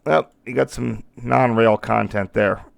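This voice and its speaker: A man's voice: medium pitch, fairly even intonation, unhurried, creaky, no room sound. A man hosting a live stream in casual commentary, rambling and breaking off mid-thought, apologizing now and then, a little worn in the voice. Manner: rambling, self-interrupting, apologetic. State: losing his voice.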